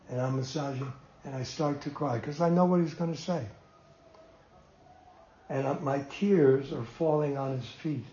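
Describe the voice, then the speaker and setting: An older man telling a long personal memory, animated and emotional, with laughs between lines. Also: mid-range voice, a little hiss or hum. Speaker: storyteller recalling his teacher. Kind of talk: reminiscing storytelling. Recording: roomy, muffled room sound.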